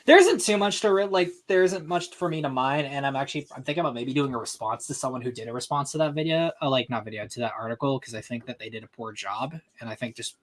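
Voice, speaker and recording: A man's voice: mid-range voice, fast talker, hardly any pauses. A man hosting a casual group podcast, joking, swearing and reading articles aloud. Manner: animated, jokey, swears freely. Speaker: podcast host.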